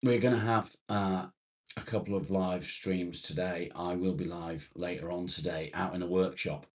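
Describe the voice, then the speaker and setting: A man's voice: low voice, fairly even intonation, normal speed. A man hosting a casual livestream, greeting viewers by name and bantering jokily as he reads their comments. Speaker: livestream host. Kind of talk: casual live chat, reading viewer comments.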